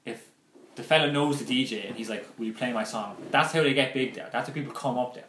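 A man's voice: medium pitch, fast, fairly bright tone. Young man co-host who steers the chat, recorded in an echoey room with a faint hiss. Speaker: podcast co-host. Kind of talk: casual chat.

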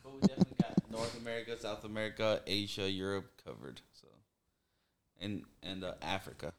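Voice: sits low, fairly even intonation, a little fast. A co-host on a casual podcast, explaining things in an easygoing way.

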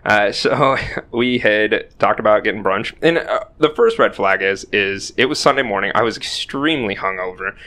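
A man's voice: fairly low pitch, moderate pace, bright, forceful tone. A young man telling a rambling, self-deprecating story in casual podcast chat, swearing freely. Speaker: podcast co-host.

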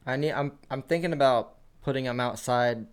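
A man's voice: medium pitch, normal speed, clean tone. A man co-hosting a podcast, talking in an easygoing, joking way. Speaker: podcast co-host. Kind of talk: casual podcast chat.

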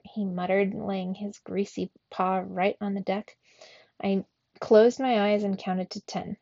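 A woman's voice: mid-range voice, creaky. Woman reading a storybook aloud. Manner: slow, expressive reading. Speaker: teacher reading aloud to children. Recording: dull, dry recording.

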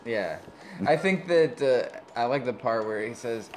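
A man's voice: medium pitch, expressive, a little slow, a little mellow, slight background noise. A man co-hosting a podcast in casual chat, often laughing and reading movie blurbs aloud. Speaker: podcast co-host.

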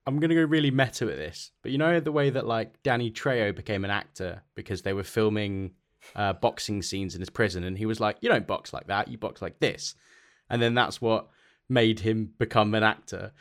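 A man's voice: fairly low pitch, fairly quick. Digressive, chatty man. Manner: chatty, digressive, many fillers. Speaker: podcast co-host. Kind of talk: casual comedic chat.

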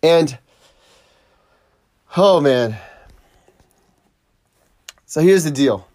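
A man's voice: on the high side, expressive, drawn-out words, a little mellow, no echo, studio quality. Laughing, profane man telling a surf story. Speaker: surf vlogger. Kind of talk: casual storytelling monologue.

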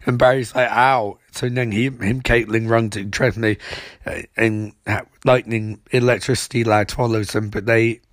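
A young man recapping a TV episode in a mocking, rambling way, tossing off quick impressions of the characters. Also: on the low side, steady tone, no room sound, clean studio sound. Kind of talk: sarcastic comedic episode recap.

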